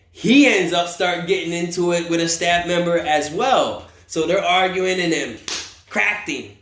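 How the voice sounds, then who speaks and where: A man with a slightly high voice tells a wild story casually, swearing freely and acting out the people in it. His voice rings a little in a roomy, echoey space. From United States. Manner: profane, animated, acts out quotes. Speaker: vlogger telling a story. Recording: roomy echo.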